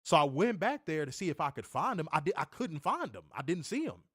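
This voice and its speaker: A man's voice: on the high side, big pitch swings, brisk, fairly bright tone, breathy edge, dry recording, clean studio sound. Rambling man telling a backstage story. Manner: rambling, repeats and corrects himself, swears. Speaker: wrestling show host. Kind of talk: casual storytelling recap.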